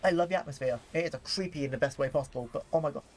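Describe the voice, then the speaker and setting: Chatty man streaming a game, higher pitch. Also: racing, slight background noise. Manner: rambling, excitable, with frequent fillers and restarts. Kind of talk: casual gameplay commentary.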